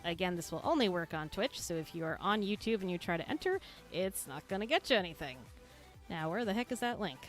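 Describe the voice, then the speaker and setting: A woman's voice: lowish voice, animated, a little fast, faint music behind. A woman hosting a casual livestream, talking chattily to her chat while she sets things up on screen. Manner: chatty, upbeat, thinks aloud while handling on-screen tasks. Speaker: streamer and creator hosting a cast livestream.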